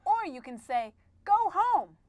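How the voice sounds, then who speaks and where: A woman doing a bubbly exclamation-mark girl in a children's lesson skit, high and bright in pitch. The voice swoops up and down with eager cheer. The sound is dry and close. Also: sing-song, measured pace, dry recording, highs cut off. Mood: excited. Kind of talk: children's educational puppet skit.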